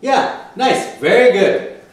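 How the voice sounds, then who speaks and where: A man's voice: high voice, lively intonation, slow pace. Male music teacher, encouraging lesson delivery, counts beats aloud; distant mic, very reverberant room. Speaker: clarinet teacher. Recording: echoey room from a distance, faint noise.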